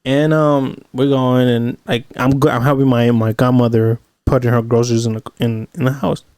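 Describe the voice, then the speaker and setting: A man's voice: mid-range voice, steady tone, normal speed, darkish tone, smooth. Guy hosting a podcast, rambles and swears a lot, dry close sound, nothing echoey. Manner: loose, profane storytelling with lots of fillers. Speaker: podcast host. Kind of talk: casual chat.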